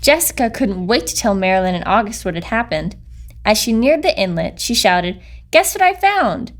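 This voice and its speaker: A woman reading a children's picture book aloud with gentle, expressive storytelling. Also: mid-range voice, moderate pace. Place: recording studio.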